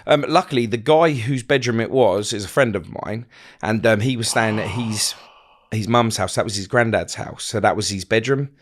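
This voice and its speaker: Halting, low-voiced man. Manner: rambling, halting, many fillers and restarts. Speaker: interview guest. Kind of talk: casual storytelling interview.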